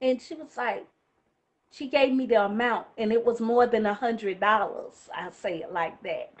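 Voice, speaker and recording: Woman, high voice, animated storyteller, casual chat. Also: moderate pace, dull audio. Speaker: guest.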